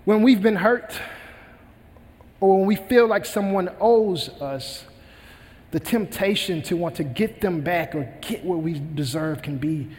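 Male pastor, high voice, earnest emphatic sermon delivery, long church-hall reverb. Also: a little mellow. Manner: earnest preaching, retells a parable with emphatic repetition.

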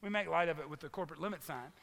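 A man preaching a sermon as pastor, animated, acting out the townspeople's words as he tells the story. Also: fairly high pitch, rapid-fire, gravelly. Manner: animated storytelling preacher, voices the crowd's lines. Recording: long reverb of a large hall.

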